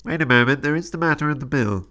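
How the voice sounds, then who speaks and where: A man's voice: a little high, quick pace, sharp tone, soft background music. A man voicing a prim male doctor who talks in a businesslike way. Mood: matter-of-fact. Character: fussy male doctor of the mind.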